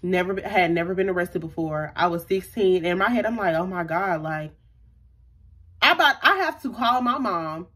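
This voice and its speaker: A young woman telling a storytime vlog in an animated, slangy way, often talking straight to her viewers. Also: on the low side, normal speed, breathy edge. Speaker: YouTuber.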